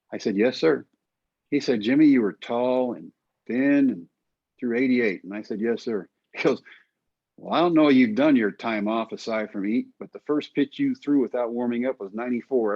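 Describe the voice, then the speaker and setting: A man being interviewed who tells his story with wry, self-mocking humor and acts out the dialogue. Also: mid-range voice. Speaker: guest. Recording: slightly dull, lo-fi audio.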